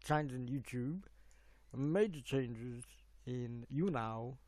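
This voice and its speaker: A man's voice: medium pitch, expressive, slow pace, a little mellow, no echo. A middle-aged man, rambling on a live stream while he fiddles with his stream settings. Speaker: livestream host.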